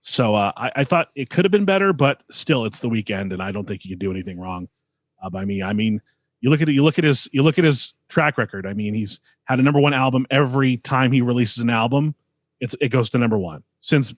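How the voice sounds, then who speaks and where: A man's voice: medium pitch, lively intonation, fairly quick, no echo. A man co-hosting a podcast, talking in a loose, rambling way full of fillers and good-natured ribbing. His voice sits in a middle register. It is recorded close and dry, with no room sound around it. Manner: chatty, teasing, lots of fillers. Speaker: podcast co-host. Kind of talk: casual podcast chat.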